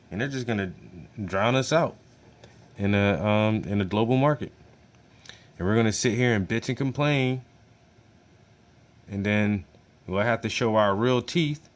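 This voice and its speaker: A man hosting a livestream, reacting to a speech in loose, slangy, profane talk that often repeats itself. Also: medium pitch. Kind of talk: casual livestream commentary.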